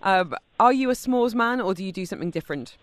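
An enthusiastic woman hosts a radio chat, her voice sitting at a middling pitch. She gushes over food and the outdoors in a casual, easy way. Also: lively intonation, fast talker. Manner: enthusiastic, gushing. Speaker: radio show host.

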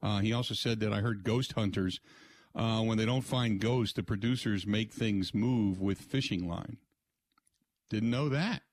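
A man's voice: fairly low pitch, measured pace, a little hiss or hum. A man hosting a sports radio show, rambling and joking through casual rants. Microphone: studio mic.

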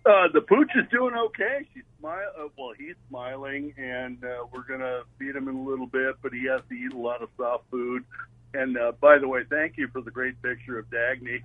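A man, a regular on a radio show, chatting in a rambling, husky way. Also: medium pitch, moderate pace, no room sound. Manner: rambling, lively ups and downs. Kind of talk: casual radio chat. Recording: phone-like narrow line.

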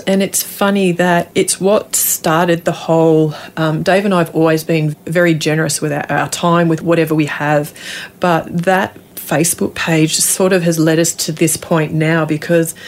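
Middle-aged Australian woman, lower register, guest author sharing a heartfelt story. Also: moderate pace, darkish tone. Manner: earnest, emotional storytelling. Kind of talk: interview.

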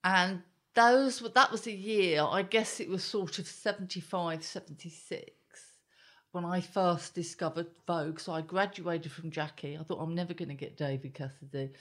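A woman's voice: lowish voice, normal speed, a bit bright. A middle-aged woman in casual chat, dry and teasing as she reminisces.

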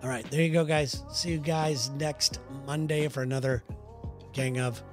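Man, high voice, casual host chat, joking shout-outs, faint music underneath. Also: fairly even intonation, moderate pace. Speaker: show host. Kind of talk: casual radio show chat.

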